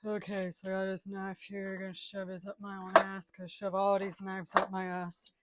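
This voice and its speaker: A woman's voice: mid-range voice, monotone, moderate pace, heavy background noise. A woman rambling crudely to herself while doing chores at home, groaning and cursing constantly. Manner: melodramatic wailing outbursts. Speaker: comedic vlogger. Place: home kitchen.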